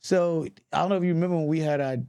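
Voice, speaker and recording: A man's voice: a little high, fairly even intonation, rapid-fire, dark tone, smooth. A man in his forties, a guest comedian and actor, telling stories on a podcast in a profane style, acting out other people's voices and laughing along. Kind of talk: animated podcast storytelling.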